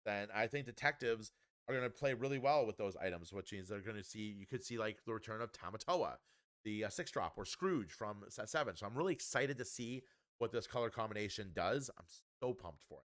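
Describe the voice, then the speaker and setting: A man's voice: on the low side, lively intonation, brisk, fairly bright tone, no echo. Chatty man reviewing cards, dry sound. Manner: upbeat, chatty, with frequent ums and restarts. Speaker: card game reviewer. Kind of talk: casual spoken card review.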